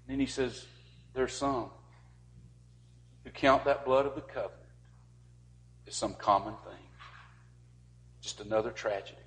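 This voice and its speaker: A man preaching a sermon to a congregation, rising to forceful peaks and dropping to quiet, earnest pleas. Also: mid-range voice, unhurried, pauses often.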